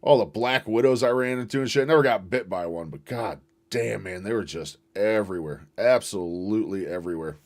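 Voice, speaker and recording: A man's voice: lowish voice, fairly quick, darkish tone. A man streaming a casual reaction, joking and swearing freely as he chats over the video.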